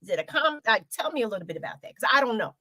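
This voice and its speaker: A woman's voice: fairly high pitch, big pitch swings, rapid-fire, bright, forceful tone, no room sound. A woman hosting a casual talk show interview, chatty and rambling.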